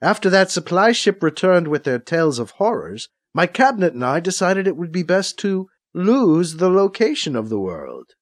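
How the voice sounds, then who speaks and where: A man's voice: sits high, very animated, moderate pace, hardly any pauses, no room sound, pitched above the performer's own voice. A man reading an audiobook, voicing a solemn older woman who was once a leader, guarded and sighing. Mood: reluctant. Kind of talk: audiobook character voice.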